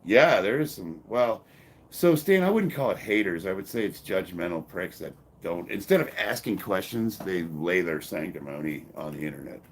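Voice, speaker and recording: Blunt, low-voiced man in his fifties. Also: lively intonation, normal speed, slightly rough. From Illinois, USA. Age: 50s. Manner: blunt, combative and profane, with bursts of laughter. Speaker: powerlifter answering live chat. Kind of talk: live-stream chat reading.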